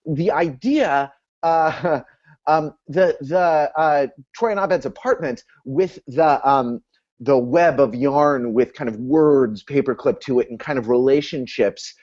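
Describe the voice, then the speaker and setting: A man's voice: medium pitch, slow pace, a little mellow, muffled recording. A man hosting a casual analytical discussion over a video call, talking in an academic way with many restarts.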